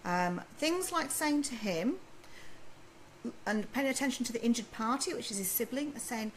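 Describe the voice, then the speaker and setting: A woman answers parents' questions on a live stream in a chatty, reassuring way, sharing practical advice. Her voice sits a little high. There is a faint hum of background noise behind her. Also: animated, moderate pace, rough recording. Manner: reads questions aloud and advises in a chatty, reassuring way. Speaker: baby sleep consultant answering viewer questions. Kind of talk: live video Q&A.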